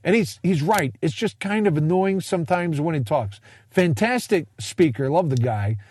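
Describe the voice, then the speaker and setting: A man's voice: on the high side, expressive, moderate pace, a little mellow, a little hiss or hum. A man in his forties giving a casual monologue, rambling with jokey, self-deprecating asides. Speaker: speaker sharing a personal finance story.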